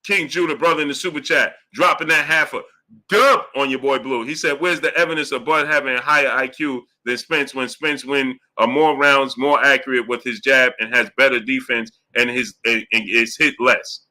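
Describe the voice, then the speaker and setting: Heated, bright-voiced man ranting on a live stream. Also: medium pitch, steady tone, moderate pace. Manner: emphatic, argumentative, rhetorical questions. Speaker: boxing show host reading super chats.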